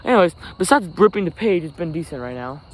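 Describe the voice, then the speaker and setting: A man's voice: a little high, lively intonation, quick pace, slight background noise. A man hosting a casual solo podcast outdoors by a forest, talking in a rambling, self-correcting way. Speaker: podcast host. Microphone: camera recording himself. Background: insects and crickets.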